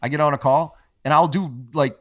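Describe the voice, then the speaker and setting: A man's voice: a little high, steady tone, brisk, no echo, clean studio sound. A man who is a guest on a podcast about sales, telling stories in a blunt, emphatic and often profane way. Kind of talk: casual interview chat.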